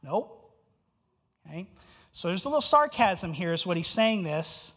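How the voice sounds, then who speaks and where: A man's voice: high voice, sing-song, normal speed, fairly bright tone. A male preacher teaches emphatically, repeating his key phrases and asking his listeners questions. His voice carries a long echo through a hall. The recording is dull and muffled. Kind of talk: expository sermon.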